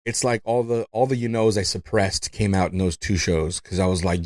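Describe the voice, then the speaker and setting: A man's voice: on the low side, fairly even intonation, a little fast, no echo, clean studio sound. A man who learned English as a second language, hosting a podcast and chatting casually with lots of fillers and "you know". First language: not English. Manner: rambling, fillers, frequent "you know", laughs often. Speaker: podcast host.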